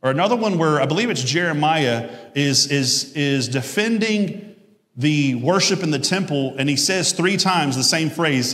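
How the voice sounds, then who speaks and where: A man's voice: a little high, expressive, moderate pace, a bit bright. A male pastor giving a conversational sermon with jokes, asides and self-corrections. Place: church sanctuary. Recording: echoey church hall.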